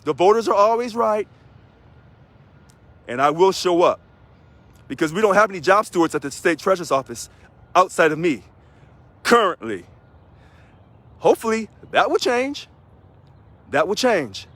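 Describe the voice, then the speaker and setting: A man from Missouri, a union president, giving an energetic video address to union members and emphatically repeating key phrases. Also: high-pitched, moderate pace, long pauses, dry recording.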